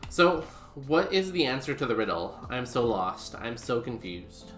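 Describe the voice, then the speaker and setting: A man's voice: mid-range voice, sing-song, moderate pace, fairly bright tone. A man streaming a game, chatting casually with goofy, self-mocking humor. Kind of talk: casual gameplay commentary. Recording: roomy echo with music behind.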